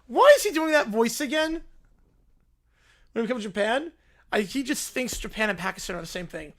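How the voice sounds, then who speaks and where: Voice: medium pitch, expressive, moderate pace. A streamer reading a fan story aloud, breaking off with incredulous, laughing reactions and putting on voices for the quotes.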